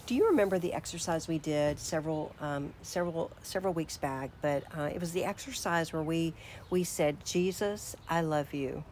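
A woman leading an informal devotional talk and guided prayer, speaking conversationally and reflectively, sometimes dropping to hushed tones. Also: deep voice, brisk, a little hiss or hum.

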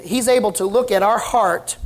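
A man's voice: high-pitched, moderate pace. A man pastor preaching a sermon to a church congregation in a folksy, plainspoken storytelling manner. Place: church service with congregation answering.

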